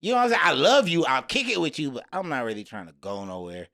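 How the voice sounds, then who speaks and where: A man co-hosting a podcast, telling stories in a rambling, animated casual chat. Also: mid-range voice, fast. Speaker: podcast co-host.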